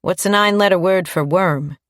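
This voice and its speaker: A woman's voice: on the low side, a little fast, no echo, studio quality, pitched above the performer's own voice, close to an everyday voice. A woman voicing a chatty, talkative female detective in an audiobook. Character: chatty female detective who loves puzzles.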